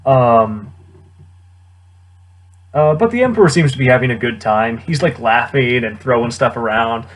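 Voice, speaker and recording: A man's voice: medium pitch, animated, normal speed, pauses often, slight background noise. A young man casually rambling through a wry movie commentary, often chuckling as he goes. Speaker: film reviewer.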